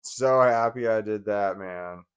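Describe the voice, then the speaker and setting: A man's voice: on the low side, slow, clean tone. Profane, rambling man venting. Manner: profane, rambling, with frequent restarts and laughs; agitated, venting. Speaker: vlogger. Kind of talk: casual personal monologue.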